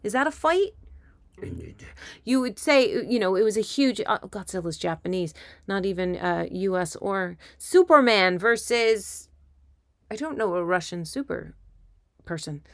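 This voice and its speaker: A woman hosting a casual political commentary monologue, rambling and animated, with asides and impressions. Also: mid-range voice, unhurried, no room sound. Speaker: comedian and commentator.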